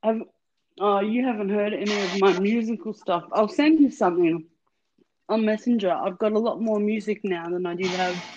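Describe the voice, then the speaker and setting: A woman's voice: medium pitch, normal speed, darkish tone, a little hiss or hum. A woman hosting a casual chat over a call, friendly and encouraging. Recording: lo-fi call audio.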